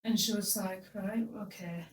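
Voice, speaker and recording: A woman's voice: mid-range voice, steady tone, moderate pace, recorded from a distance, slight background noise. A young woman telling a story on a casual podcast, blunt and crude with comic timing. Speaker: podcast host. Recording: roomy, a bit off-mic.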